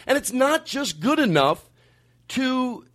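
A man hosting a podcast, delivering a comedic, profane rant in casual chat. His voice sits high for a man and swoops all over the place. He hammers his points home with heavy emphasis. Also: sing-song, takes it slowly, a bit bright.

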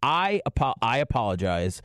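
A man co-hosting a podcast, apologizing in a halting way with many restarts. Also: medium pitch, big pitch swings, a bit bright, dry recording, clean studio sound. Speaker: podcast co-host. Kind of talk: casual podcast talk.

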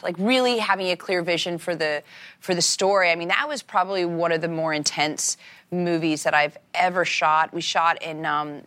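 An actress in her forties chatting in a talk-show interview, telling animated stories and acting out the quotes. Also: on the low side. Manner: animated storyteller, acts out quotes. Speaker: actress guest.

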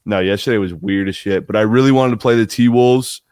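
A man co-hosting a sports podcast in relaxed, casual chat, swearing now and then. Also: fairly low pitch, brisk, clear, resonant tone, no room sound, clean studio sound. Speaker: podcast co-host.

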